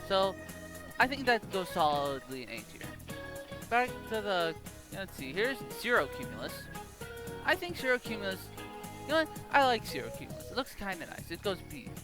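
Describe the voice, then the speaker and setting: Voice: medium pitch, big pitch swings, moderate pace. A teenage student narrating a class video project, ranking things with mock confidence and a formal sign-off. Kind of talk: tongue-in-cheek ranking commentary for a class video. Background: background music.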